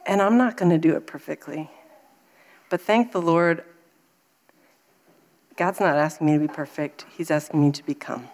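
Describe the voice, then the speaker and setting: A woman in her thirties giving a faith talk, telling a personal story with animated delivery and acting out her own frustration. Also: low voice, moderate pace, pauses often.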